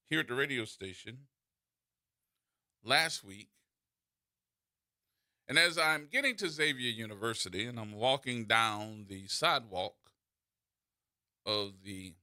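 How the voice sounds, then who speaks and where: A man hosting a call-in radio show, telling stories in an animated way with repeats and restarts, into a studio microphone. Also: medium pitch, no echo. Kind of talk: call-in talk radio monologue.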